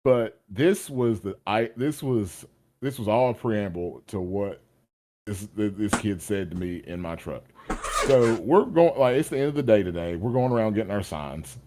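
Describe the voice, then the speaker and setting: A man's voice: fairly low pitch, lively intonation, normal speed, mellow, a little hiss or hum. A young man, a podcast guest, telling a work story in a casual, rambling, stop-start way and laughing through it.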